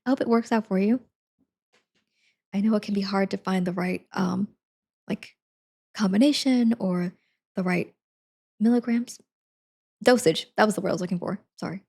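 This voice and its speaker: A young woman live streamer chats casually with her viewers. She rambles through her stories with plenty of giggles and filler words. Her pitch sits in an ordinary middle range for a woman. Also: moderate pace, vocal fry, pauses often, a little mellow, slightly rough.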